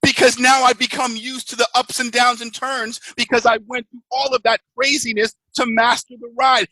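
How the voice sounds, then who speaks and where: A man delivers a motivational talk as a network marketing mentor, in an animated, storytelling way. His voice sits high and sounds bright and forceful. The recording is dry and close. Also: no room sound, poor audio. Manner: animated storytelling, acts out screaming riders.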